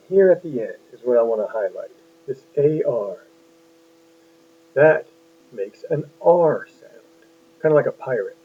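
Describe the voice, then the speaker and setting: Male teacher, patient and upbeat, quizzing young kids on phonics; husky voice, thin phone-quality audio. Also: medium pitch, lively intonation, unhurried. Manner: patient, encouraging, asks many questions. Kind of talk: phonics lesson for young children. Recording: tinny lo-fi phone-like sound.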